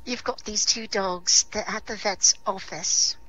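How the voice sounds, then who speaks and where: Bright-voiced woman telling a joke. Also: medium pitch, low-quality recording. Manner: casual, halting with restarts. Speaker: amateur comedian, DJ. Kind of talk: storytelling joke on stage.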